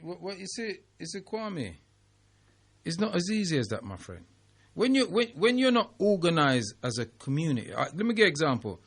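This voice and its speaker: A man hosts a call-in radio show in an easy, conversational way, slipping into patois. His voice sits a little on the high side. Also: big pitch swings, moderate pace, slightly rough. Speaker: radio talk show host.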